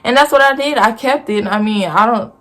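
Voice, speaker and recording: A woman's voice: a little high, brisk, a bit bright. A woman in her twenties telling a personal story to camera in a casual, blunt and profane storytime rant. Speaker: vlogger.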